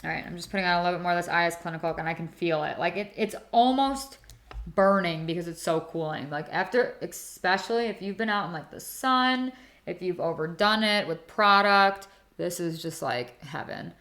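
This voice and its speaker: A woman's voice: lowish voice, expressive, a little fast, a bit bright. A young woman chatting casually to viewers while doing her skincare on a livestream, giggly and reacting to comments. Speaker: beauty livestream host.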